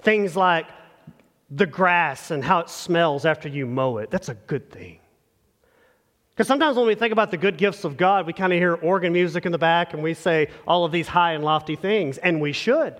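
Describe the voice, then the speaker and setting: A man's voice: a little high, normal speed, a bit bright. A man preaching a sermon as pastor, earnest and conversational, speaking straight to the congregation. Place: church sanctuary. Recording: long church reverb.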